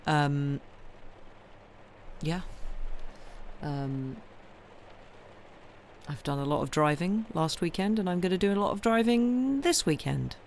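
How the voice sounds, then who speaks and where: A tired woman chats casually with her viewers from home, rambling along and filling pauses with lots of ums. She answers chat messages one after another at a relaxed, unhurried pace. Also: deep voice, a little hiss or hum. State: tired, yawning. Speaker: livestream host reading books aloud.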